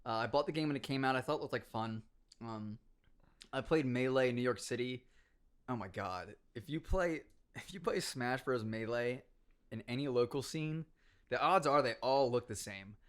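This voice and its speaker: A man's voice: mid-range voice, moderate pace, fairly bright tone, clear, resonant tone. A young man, a podcast guest, telling stories in casual chat, acting out other people's lines and swearing freely. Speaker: podcast guest, former pro gamer.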